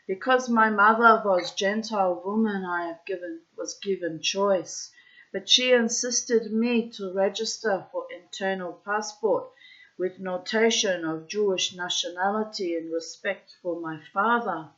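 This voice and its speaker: A guarded, brooding middle-aged Soviet taxi driver, as a woman reader puts him on speaks in a put-on Russian accent from an audiobook-style reading. He talks slowly and deliberately in halting broken English, his voice lifted a little above her own. The recording is dull and lo-fi. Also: medium pitch, a bit bright, natural voice. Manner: slow, measured, deliberate.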